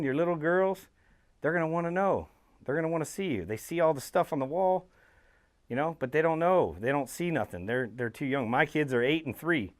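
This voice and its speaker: A man in his thirties, a former pro baseball player, gives a motivational talk to young players and tells his story with plenty of animation. He talks straight to them as guys, and his voice sits at a middle pitch. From Southern California.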